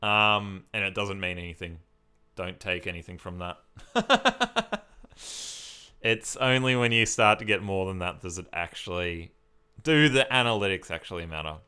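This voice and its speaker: A man's voice: sits low, expressive, unhurried, pushed and bright, clean tone. An Australian man from Victoria, chatting casually on a live stream as he reads and answers viewer comments.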